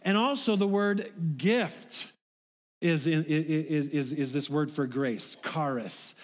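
Middle-aged guy preaching, chatty and folksy, slightly high voice, big reverby church sound. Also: slow pace. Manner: conversational, folksy, with asides to the congregation. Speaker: pastor. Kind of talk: sermon. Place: church sanctuary. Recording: long hall reverb.

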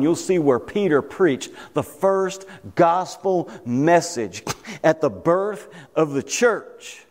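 A man's voice: fairly high pitch, a little mellow, big-room sound. A man with a Kentucky accent preaching a sermon, emphatic, repeating phrases for weight.

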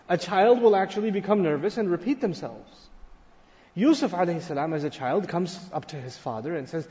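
A man giving a sermon-style lecture on scripture, animated and storytelling, acting out a child's excited voice. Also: high-pitched, fairly quick. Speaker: Islamic teacher. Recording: lo-fi recording in a reverberant hall.

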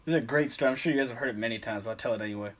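A man's voice: mid-range voice, racing, a bit bright. A young man in casual chat, telling a story in a laid-back way, swearing and laughing often.

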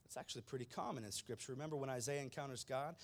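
A male preacher giving an animated, conversational sermon with slangy asides. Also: medium pitch, very fast.

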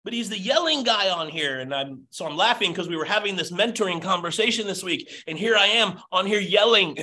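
Bright high-voiced man, fired-up pep talk. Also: lively intonation, brisk. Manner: passionate, near yelling. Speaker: motivational business coach.

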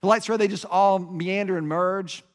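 Animated man preaching in a big hall. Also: high voice, moderate pace. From United States. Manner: animated, emphatic, many restarts. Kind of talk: sermon storytelling. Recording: reverberant hall.

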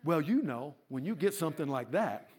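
A man with a fairly high voice tells a story from the pulpit. His delivery is conversational, with asides to the congregation. He swings from hushed to loud and animated. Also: moderate pace, slightly rough. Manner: animated storyteller, rising to laughing shouts. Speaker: preacher. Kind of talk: sermon testimony.

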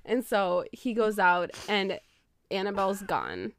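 A young adult woman co-hosting a podcast, recapping a film in casual, animated storytelling. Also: medium pitch, a little slow, clear, resonant tone, no echo, clean studio sound. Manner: animated storytelling, laughs often. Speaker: podcast co-host.

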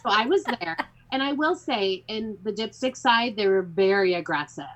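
A woman guest on a podcast telling stories in a dry, unhurried way. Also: medium pitch, expressive. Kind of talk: casual storytelling.

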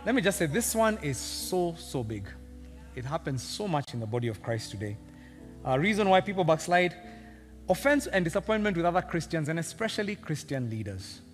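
A man preaching a sermon, animated and joking as he teases his congregation. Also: a little high. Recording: long reverb of a big hall.

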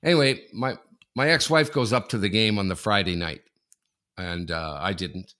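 A man in his forties co-hosting a casual sports podcast, telling a rambling anecdote full of restarts that builds to loud excitement. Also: on the low side, moderate pace. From Canada. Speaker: podcast co-host. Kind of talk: casual sports talk, storytelling.

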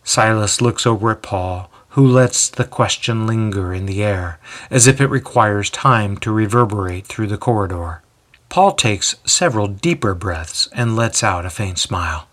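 A man narrating a scripted story in a slow, steady, descriptive way. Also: on the low side.

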